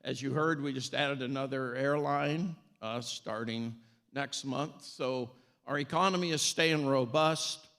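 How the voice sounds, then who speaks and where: A man's voice: medium pitch, measured pace, a bit bright. A man who is a city mayor, giving a short, folksy, upbeat speech with frequent fillers and restarts.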